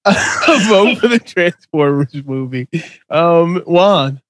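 A man's voice: a little high, expressive, slow pace. A man hosting a casual podcast, moving things along with a teasing, laughing manner. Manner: joking, teasing, laughs often. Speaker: podcast host running a movie fight bracket. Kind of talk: casual chat.

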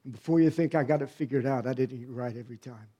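A middle-aged man, a pastor, preaching a personal testimony in a conversational storytelling way, dropping to a hush and then rising to emphatic bursts. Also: mid-range voice, rapid-fire. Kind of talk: sermon testimony.

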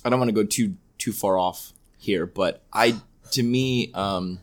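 Lower voiced guy on a chat podcast, keeps stopping and restarting. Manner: halting, restarts sentences. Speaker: podcast co-host. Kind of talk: casual chat.

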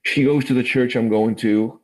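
A man's voice: medium pitch, fairly even intonation, moderate pace, rough recording. An English man in his forties, telling his life story in a rambling, casual way full of fillers. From England. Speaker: guest. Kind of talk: casual testimony interview.

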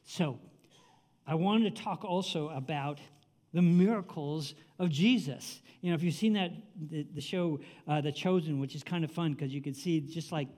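A man's voice: fairly high pitch, normal speed, a little mellow. A man in his seventies preaching a sermon in a conversational, exclamatory way, with casual asides. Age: 70s. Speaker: pastor.

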